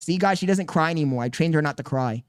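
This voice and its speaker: A man's voice: fairly high pitch, fast, clear, resonant tone. A young man streaming casually, reading chat aloud and answering with mock exasperation while talking to his baby daughter.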